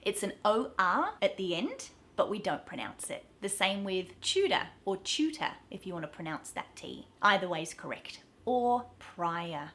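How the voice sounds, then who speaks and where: A woman's voice: medium pitch, sing-song, moderate pace, few pauses, a bit bright. A woman with an Australian accent teaching pronunciation to camera, upbeat and explaining carefully, drawing out each example word. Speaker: accent coach.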